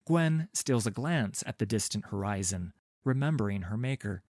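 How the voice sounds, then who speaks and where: A man reading a fantasy story aloud in a calm, measured and gently expressive way. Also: on the low side, no echo, clean studio sound. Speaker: narrator. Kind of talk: scripted storybook narration.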